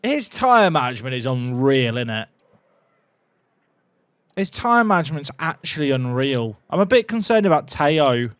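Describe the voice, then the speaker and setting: Lively high-voiced young man. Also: moderate pace, clean tone, dry recording. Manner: excitable, jokey, talks to chat, yells at drivers. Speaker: gaming video creator. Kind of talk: casual gameplay commentary.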